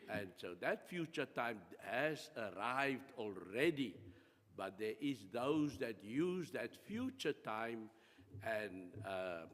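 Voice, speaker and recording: Slow halting South African preacher. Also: male voice, medium pitch, a bit bright. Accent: South African English. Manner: slow, halting, many fillers. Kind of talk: sermon and prayer. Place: church. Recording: long reverb of a church hall.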